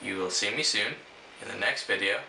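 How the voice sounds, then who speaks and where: A man's voice: on the low side, brisk, gravelly, background noise. Rambling young man in an echoey room. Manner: rambling, storytelling, self-interrupting. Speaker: vlogger answering question prompts. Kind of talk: casual to-camera chat. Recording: echoey room, mic at a distance.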